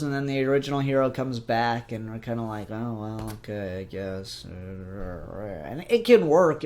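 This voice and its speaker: A young man giving a casual spoken review of comics, in a rambling, chatty and upbeat way. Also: medium pitch.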